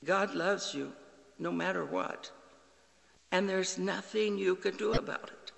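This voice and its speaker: Slow, gravelly preaching man. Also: sits high, a bit bright, in a large hall, low-quality recording. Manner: slow, earnest preaching with quoted dialogue. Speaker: pastor. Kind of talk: sermon.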